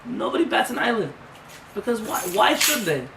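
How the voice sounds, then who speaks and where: A male rabbi with a high, bright voice leads an informal Torah class in a conversational, emphatic manner, pressing his points with rhetorical questions. He is picked up from a distance, so the voice sits in a roomy, echoing space with faint noise behind it. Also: very animated, normal speed, vocal fry.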